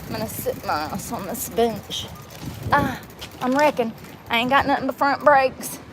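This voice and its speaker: Phone in hand, a woman strolls a gusty street chatting to herself for a casual vlog, her fairly high voice animated and moderately paced. She talks bluntly, full of slang, while wind and traffic sound in the background.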